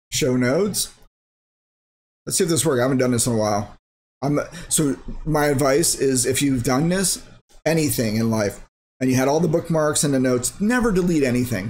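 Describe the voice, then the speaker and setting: A man's voice: medium pitch, darkish tone, a little hiss or hum. A man hosting a crypto mining channel, thinking aloud in a rambling, sarcastic way while clicking through his screen. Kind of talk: casual screen-share commentary.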